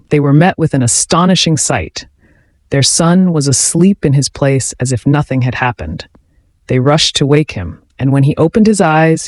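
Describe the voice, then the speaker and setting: A man's voice: medium pitch, no room sound. Man narrating a scripted horror story. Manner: steady, measured storytelling.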